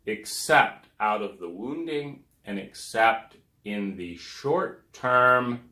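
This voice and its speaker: A man lectures in a loose, rambling way, his low voice rough with gravel. He leans on "you know" and trails off mid-thought. The room around him is echoey. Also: pushed and bright. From United States. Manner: rambling, filler-heavy, trails off with "da, da, da". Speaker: speaker on relationships.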